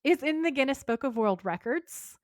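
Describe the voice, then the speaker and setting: A woman co-hosting a podcast, chatting warmly and enthusiastically and reading a post aloud. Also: sits high, lively intonation, moderate pace, no room sound, studio quality. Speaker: podcast co-host. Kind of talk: casual chat and reading aloud.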